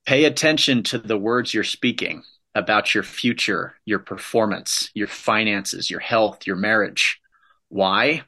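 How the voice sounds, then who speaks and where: A man's voice: fairly low pitch, measured pace, bright, forceful tone. A man giving a motivational talk, emphatic and punchy, hammering points home with repeated phrases. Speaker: motivational speaker.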